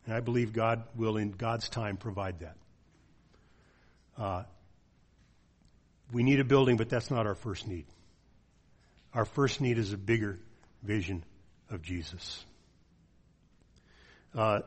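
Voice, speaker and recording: Male pastor, sermon, earnest, frequent fillers, low voice, husky.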